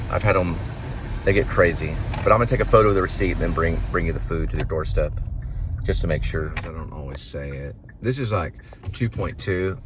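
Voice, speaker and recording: A vlogger who works as a food delivery driver speaks in a low voice against a noisy background. His casual, rambling monologue drifts into preachy exhortations.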